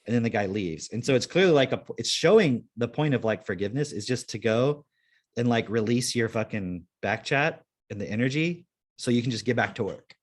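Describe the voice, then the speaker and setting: A man chats loosely on a podcast in an ordinary middle male pitch. He rambles, fills gaps with "like", and swears freely. His manner stays relaxed and conversational throughout. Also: a little fast. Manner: rambling, laid-back, swears freely, many fillers. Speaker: podcast host. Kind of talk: casual chat.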